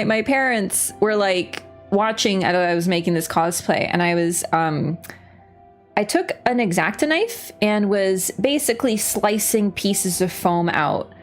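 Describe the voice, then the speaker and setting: Woman, game streamer, casual chatty storytelling, swears a lot, animated, faint background music. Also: medium pitch. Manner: lively, laughing, swears casually, acts out voices. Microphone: webcam setup.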